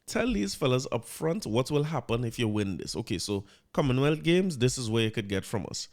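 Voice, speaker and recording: A Trinidadian man talks on his own podcast in a loose, rambling way. He keeps restarting his sentences and drifts easily into local dialect. His voice sits at an ordinary middle pitch. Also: very animated, brisk, darkish tone. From Trinidad and Tobago. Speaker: podcast host. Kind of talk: casual monologue.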